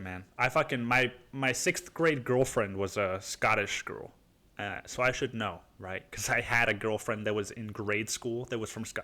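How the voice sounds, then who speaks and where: A man's voice: medium pitch, pushed and bright. A man hosting his podcast, telling a comic story in a rambling, profane way and saying "dude" constantly. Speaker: podcast host. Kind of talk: comedic storytelling.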